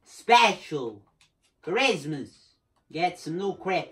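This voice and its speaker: A gamer doing excitable, joking let's play commentary, talking to themself while playing and screaming now and then. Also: mid-range voice, takes it slowly, soft background music. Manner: excitable, jokey, talks to himself while playing.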